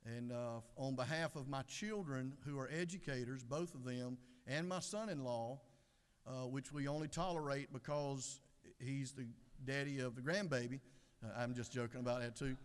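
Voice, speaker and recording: A middle-aged man giving a folksy devotional sermon, unhurried with many fillers. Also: medium pitch, clean tone. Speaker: devotional speaker. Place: legislative chamber. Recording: echoey chamber.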